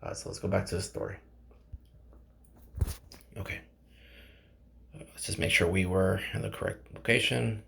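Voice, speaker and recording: A man's voice: low-pitched, moderate pace, vocal fry, long pauses, sharp tone, a little hiss or hum. A man casually reading a novel aloud to his viewers, stumbling over names and breaking off to chat with them. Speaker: channel host reading a game novel aloud. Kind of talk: casual read-aloud with commentary.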